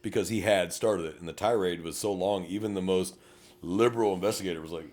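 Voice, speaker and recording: A man's voice: low voice, moderate pace. A middle-aged man, a police officer co-hosting a podcast, telling stories in a blunt, profane way. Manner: blunt, profane, animated storytelling. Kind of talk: casual podcast chat.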